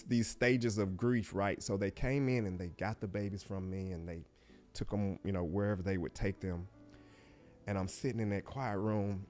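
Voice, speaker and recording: Middle-aged man, lowish voice, heartfelt, hushed and halting, faint music behind. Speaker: guest. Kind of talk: personal storytelling interview.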